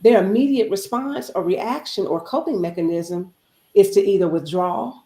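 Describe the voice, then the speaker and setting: A woman's voice: mid-range voice, moderate pace, mellow, reverberant. A woman guest speaker giving an inspirational, preachy talk, repeating phrases for emphasis.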